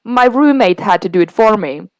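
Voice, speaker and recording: A woman's voice: mid-range voice, lively intonation, moderate pace, a little mellow, no echo, rough recording. A young woman co-hosting a podcast, candidly retelling a bad date and quoting the conversation. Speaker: podcast co-host. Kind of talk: casual storytelling.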